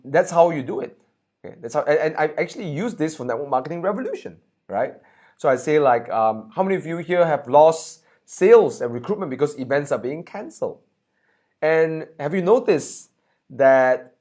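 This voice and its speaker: A man teaching a sales presentation seminar in an energetic, punchy way, often checking in with the audience. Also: medium pitch. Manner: animated, punchy, asks "right?" often.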